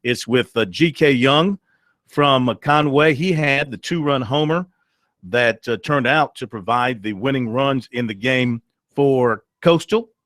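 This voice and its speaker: A man hosting a sports talk radio show, chatting his way through game recaps with frequent pauses. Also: medium pitch, fairly bright tone, dry recording, studio quality.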